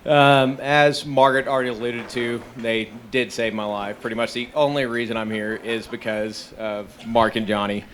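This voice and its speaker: A man's voice: medium pitch, flat delivery, normal speed, few pauses, fairly bright tone, a little hiss or hum. A young man giving a heartfelt, laughing rehearsal dinner toast to a childhood friend.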